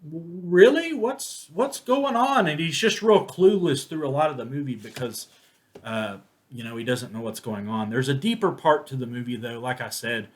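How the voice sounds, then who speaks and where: A man's voice: medium pitch, animated, moderate pace. Rambling man reviewing a movie. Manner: rambling, many restarts and fillers. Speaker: film reviewer. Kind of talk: casual spoken movie review.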